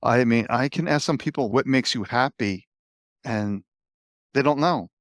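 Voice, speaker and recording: A man's voice: medium pitch, measured pace, no echo, studio quality. A man speaking as an interview guest, earnest and reflective. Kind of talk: conversational interview answers.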